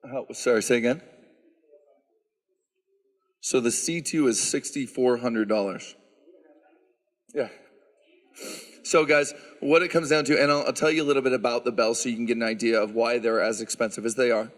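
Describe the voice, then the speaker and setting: A man who directs a handbell choir, answering audience questions at a concert and explaining the instruments in a relaxed, chatty way with frequent "um"s. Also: medium pitch, moderate pace, long pauses. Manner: explanatory, relaxed, lots of "um" fillers. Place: church sanctuary. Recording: reverberant church hall.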